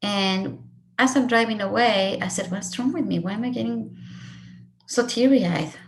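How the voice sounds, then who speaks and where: Sharing her own story of loss with students, a middle-aged woman who grew up in Mexico speaks with earnest emotion. Her mid-range voice moves a little slowly and swells and dips with feeling.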